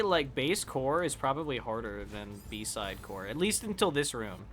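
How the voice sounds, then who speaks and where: A man's voice: mid-range voice, very animated, measured pace, a bit bright. A man chatting casually with viewers while playing a game on a live stream, rambling and swearing when he fails.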